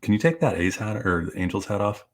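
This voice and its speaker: A man co-hosting a casual sports podcast, laid-back and quick to laugh. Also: on the low side, big pitch swings, crowd noise. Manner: laid-back, laughs often, talks in restarts. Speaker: podcast co-host. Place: studio, live stream.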